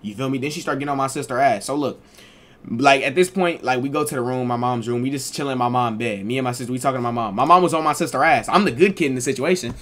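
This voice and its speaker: A young adult man streamer telling a casual storytime, animated, slangy and profane. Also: medium pitch, fast talker.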